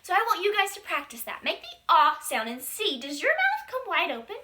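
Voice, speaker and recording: Lively high-pitched woman teaching young kids. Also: fairly quick. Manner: sing-song, exaggerated teacher voice for young children. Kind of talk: early-grade phonics lesson.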